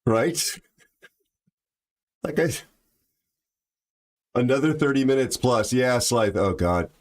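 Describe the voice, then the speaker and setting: A man's voice: medium pitch, expressive, slow pace. A man hosting a livestream, chatting casually, telling jokes and reacting to chat. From aviation background. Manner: chatty, tells jokes, reads chat aloud. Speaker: livestream host.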